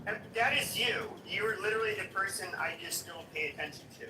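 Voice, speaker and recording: A man's voice: high-pitched, fairly quick, few pauses. Hesitant, echoey chat-room man. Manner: hesitant, full of fillers and restarts, contemptuous. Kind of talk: casual heated rant. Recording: echoey, distant, noisy audio-room stream.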